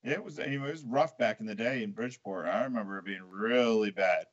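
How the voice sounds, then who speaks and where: A man's voice: on the low side, quick pace. A man from Connecticut co-hosting a casual call-in radio chat, rambling and leaning on "you know" between laughs. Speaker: co-host. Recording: dull lo-fi stream audio.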